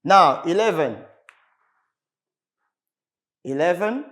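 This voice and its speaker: A man from the Congo teaches English to a class on television. He speaks slowly and repeats each word several times, in a high, animated voice. His questions rise and fall widely. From Republic of the Congo. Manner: slow, repetitive, drilling words for the class.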